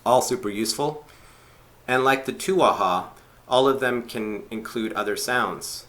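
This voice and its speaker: Bright-voiced man teaching an instrument. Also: mid-range voice, a little slow. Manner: demonstrating rhythms by chanting syllables; explaining step by step, thinking aloud. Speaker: didgeridoo teacher. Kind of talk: live video lesson. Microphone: webcam on a live video chat.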